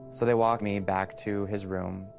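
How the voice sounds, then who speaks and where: A young man recalling events in a documentary interview, halting and soft-spoken. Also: fairly low pitch, level tone, vocal fry, faint music behind.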